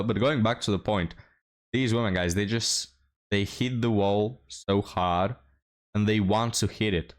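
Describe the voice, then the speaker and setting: A man hosting a reaction commentary, mocking and scornful, often laughing as he talks. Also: lowish voice. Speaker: commentary host.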